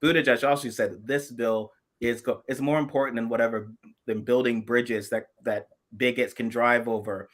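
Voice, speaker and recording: A man's voice: mid-range voice, steady tone, moderate pace. A man in his forties from South Carolina, co-hosting a casual political chat in an emphatic, impassioned way, often restarting his sentences. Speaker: podcast co-host.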